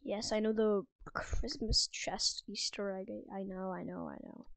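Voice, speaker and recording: A woman's voice: mid-range voice, fairly even intonation, a little slow, gravelly, no room sound. A woman giving casual, self-mocking gameplay commentary from a room at home, often dropping into whispered asides. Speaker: gaming video creator.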